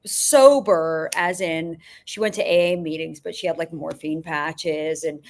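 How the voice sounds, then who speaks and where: A woman's voice: deep voice, measured pace. A woman filmmaker guest on a podcast, telling profane, rambling anecdotes and often laughing. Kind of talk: casual storytelling.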